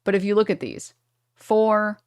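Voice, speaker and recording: A woman's voice: medium pitch, unhurried, clean tone, no room sound, studio quality. A woman from New York streaming live, talking to her chat and thinking aloud over charts in a sarcastic, condescending tone.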